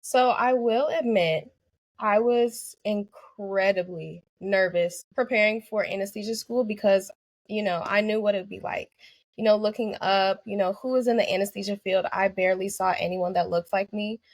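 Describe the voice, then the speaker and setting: A woman's voice: medium pitch, fairly even intonation, moderate pace, no echo. A young woman, an anesthesia student guest on a podcast, speaking in an earnest, reflective way with many "you know" fillers. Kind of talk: podcast interview.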